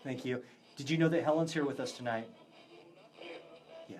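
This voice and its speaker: A man, a psychic medium, leading a live ghost box session with a group indoors, chatty and quick to laugh as he relays answers. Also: medium pitch, darkish tone. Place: indoors in a historic house with a group.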